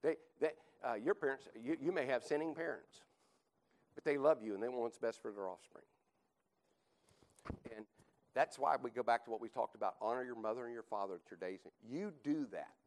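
Brief: male Bible teacher preaching to a class, emphatic, repeats himself, mid pitch. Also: a little fast, pauses often, rough recording. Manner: emphatic, repeats points, rhetorical "right?". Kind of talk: teaching sermon.

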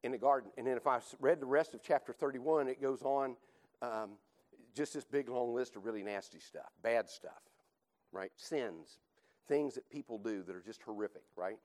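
Brief: male Bible teacher preaching to a class, emphatic, repeats himself, mid pitch. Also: darkish tone, low-quality recording. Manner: emphatic, repeats points, rhetorical "right?". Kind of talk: teaching sermon.

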